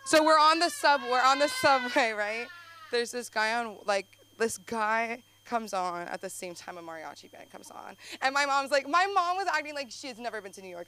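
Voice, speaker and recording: A woman's voice: on the high side, expressive, moderate pace, bright, forceful tone. A woman doing open-mic stand-up comedy on a club stage, talking into a handheld mic and rambling through her stories with lots of "like" fillers. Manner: rambling, breathless storytelling full of "like" fillers. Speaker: stand-up comic. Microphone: handheld stage microphone.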